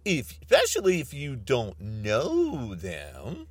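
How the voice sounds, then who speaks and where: A man's voice: medium pitch, huge pitch swings, slow pace, husky. A man podcasting a ranting political monologue, mocking and repeating himself.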